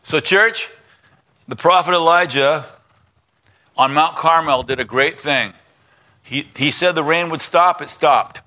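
A man preaching a sermon, retelling scripture with voiced parts, dropping to a hush for God and rising high for Elijah. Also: measured pace, pauses often. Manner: drops to a hushed voice for God's lines, climbs high for Elijah's complaints. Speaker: pastor.

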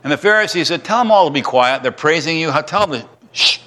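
A man's voice: on the high side, animated, quick pace, bright, forceful tone. A middle-aged man preaching a sermon as pastor in a church, acting out crowd cries and restarting his sentences.

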